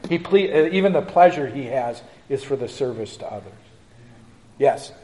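A man's voice: medium pitch, lively intonation, moderate pace, a little mellow, in a large hall. A male pastor answering questions in a church class, emphatic and joking.

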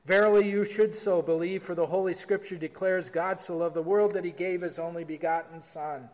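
A man's voice: sits high, big-room sound, low-quality recording. A man teaching a church class as pastor, explaining and reading formal liturgy aloud in a conversational way.

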